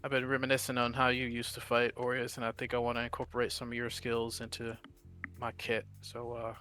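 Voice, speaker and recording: Earnest halting adventurer guy, a man doing him, bright voice, lots of uhs. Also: mid-range voice, monotone, faint music behind, close to an everyday voice. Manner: hesitant, full of filler sounds.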